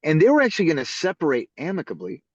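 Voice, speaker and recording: A man who is a podcast guest, telling stories in a casual, animated way and acting out the people in them. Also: fairly high pitch, very fast, slightly rough, no echo. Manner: animated storyteller who acts out the voices in his stories. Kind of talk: casual storytelling interview. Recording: slightly dull lo-fi audio.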